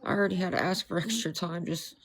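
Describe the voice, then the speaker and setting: Gravelly pleading livestreamer. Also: mid-range voice, quick pace, a bit bright, a little hiss or hum. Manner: pleading, apologetic, repeats money requests; bitter, angry at a rival. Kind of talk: casual livestream talk. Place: indoors with dogs.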